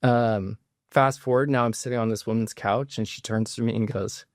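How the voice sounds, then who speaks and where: A man's voice: fairly low pitch, fairly even intonation, normal speed, no echo, clean studio sound. A man in his forties, a podcast guest, telling a rambling story with many fillers in casual chat, near tears. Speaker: podcast guest, plastic surgeon.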